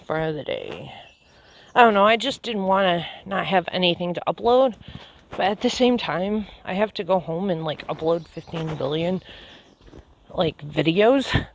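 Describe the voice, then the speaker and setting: Breathless woman with a gravelly voice, trail vlog. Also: fairly low pitch. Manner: chatty, amazed, many fillers. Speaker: vlogger. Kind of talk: casual walking vlog. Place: outdoor nature trail by a swamp. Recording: noisy outdoor handheld recording.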